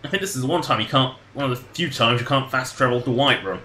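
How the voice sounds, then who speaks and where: A man's voice: medium pitch, quick pace, sharp tone, echoey room, slight background noise. A man casually commenting on his game during a livestream, rambling and joking and laughing at his own jokes. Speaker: game streamer.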